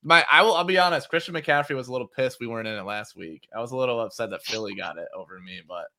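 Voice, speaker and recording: A man's voice: medium pitch, quick pace, pushed and bright, no room sound, clean studio sound. A young man guesting on a casual fantasy football podcast, upbeat and chuckling as he talks. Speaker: podcast guest, league manager.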